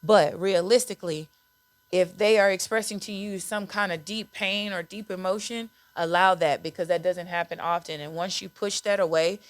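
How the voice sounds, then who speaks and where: A woman's voice: fairly low pitch, steady tone, normal speed, dry recording. A woman hosting a podcast, talking candidly and conversationally about self-care and parenting, repeating words for emphasis. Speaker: podcast host.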